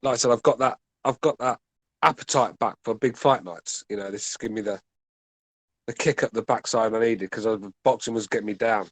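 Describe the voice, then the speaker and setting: A man's voice: lowish voice, fairly quick, a bit bright, no room sound, low-quality recording. A man from England co-hosting a casual boxing podcast over a call line, blunt and swearing freely. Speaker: podcast co-host. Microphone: remote call line.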